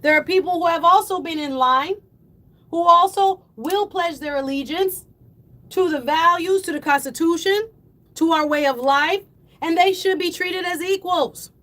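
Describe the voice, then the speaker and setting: A woman hosting a call-in radio show, delivering impassioned, preachy commentary that swells toward yelling. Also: very high voice, normal speed. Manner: fiery, preachy, rising to yelling then apologizing. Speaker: radio talk show host.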